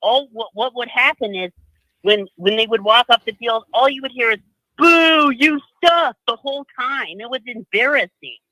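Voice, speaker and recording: A male caller complains bluntly on a live call-in show. His voice is high and bright, and the recording is dry, with no room sound. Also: normal speed, dry recording, low-quality recording. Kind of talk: phone call-in.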